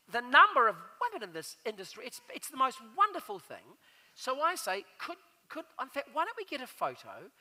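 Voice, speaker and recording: A man's voice: extremely high pitch, pushed and bright. A man telling stories as a guest on a live stage show, animatedly acting out the voices of the people in them. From New Zealand. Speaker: guest storyteller.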